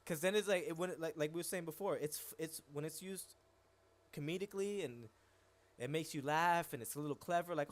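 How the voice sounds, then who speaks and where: A man talking casually on a live stream, his voice sitting a little high for a man. He rambles with plenty of swearing and filler words. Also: brisk. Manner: rambling, profane, frequent "yo" and "like". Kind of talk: casual chat.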